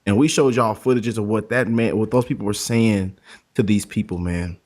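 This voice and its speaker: A man's voice: on the low side, normal speed, a little mellow. A male show host giving casual commentary, loose and talkative, calling his audience family.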